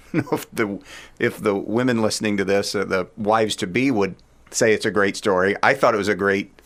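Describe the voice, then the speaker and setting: A man hosts a casual podcast interview. His voice is fairly low, and he draws out his guest with relaxed, chatty questions and easy laughter. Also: normal speed. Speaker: podcast host.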